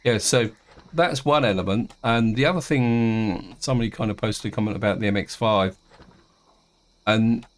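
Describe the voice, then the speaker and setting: Man, lowish voice, casual let's-play host, talks in loose rambling asides. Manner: rambling, many restarts and fillers. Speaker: gaming video host.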